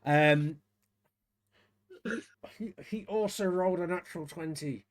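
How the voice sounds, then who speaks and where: A man running a tabletop game as game master, fairly high-voiced for a man. He narrates loosely, laughs often and trips over repeated words. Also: a little slow. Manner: rambling, chuckling, many restarts.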